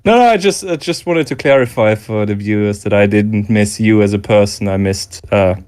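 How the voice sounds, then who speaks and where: A man in a casual online chat, delivering deadpan, rambling jokes with frequent stammers. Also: fairly low pitch, normal speed, clean tone. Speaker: regular guest.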